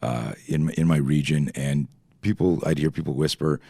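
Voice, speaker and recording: A middle-aged man from Canada, a self-defense instructor telling stories as a podcast guest, animated and swearing freely while acting out quoted dialogue. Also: extremely low pitch, normal speed, gravelly, no echo, studio quality. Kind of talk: podcast interview storytelling.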